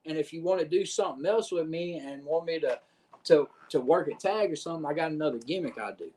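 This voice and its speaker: A man telling a backstage wrestling story on a podcast, animated and profane, acting out what others said. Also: on the high side, quick pace, breathy edge. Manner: profane, animated retelling with quoted voices. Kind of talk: casual storytelling.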